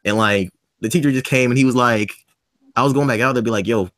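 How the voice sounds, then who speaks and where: A man's voice: medium pitch, quick pace, dry recording. A man on a podcast panel telling a profane story in casual chat, acting out the lines of everyone in it. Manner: animated, profane, acts out quoted dialogue.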